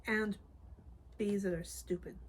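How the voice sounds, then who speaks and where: A woman's voice: mid-range voice, steady tone, a little slow. A middle-aged Canadian woman co-hosting a knitting podcast, telling stories in a cheerful, chatty way. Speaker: podcast co-host. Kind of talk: casual chat. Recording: faint background noise.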